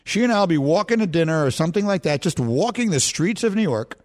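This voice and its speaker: A man's voice: high voice, quick pace. A man hosting a sports radio show from a studio microphone, telling stories in casual banter and often cracking himself up. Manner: animated storyteller, breaks into laughter.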